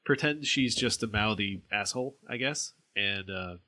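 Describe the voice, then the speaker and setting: A man co-hosting a podcast who calmly fills in plot details, often hedging with "I guess" and "I think". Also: on the low side, moderate pace. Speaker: podcast co-host. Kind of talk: casual chat recapping a film.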